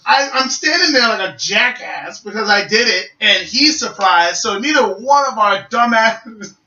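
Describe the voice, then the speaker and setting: Young male podcaster, lively storyteller doing voices, sharp bright tone, roomy distant sound. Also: high-pitched, measured pace, dull audio. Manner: animated storyteller, acts out voices and shouts. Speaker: podcast co-host. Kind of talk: casual gaming podcast chat. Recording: echoey room, mic at a distance.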